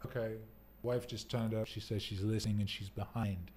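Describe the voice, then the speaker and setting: A man's voice: lowish voice, steady tone, normal speed, darkish tone, slight background noise. A man hosting a casual live stream from a rental home, talking in a rambling, laid-back way and laughing often. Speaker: livestream host. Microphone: desk mic for streaming, wearing headphones.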